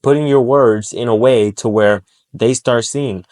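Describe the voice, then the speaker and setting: A man delivers a motivational monologue at a middle pitch. He talks bluntly, swears freely and drives each point home by saying it again. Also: a little slow, darkish tone. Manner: blunt and profane, acts out short quoted voices; emphatic, repeats key points. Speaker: self-improvement speaker.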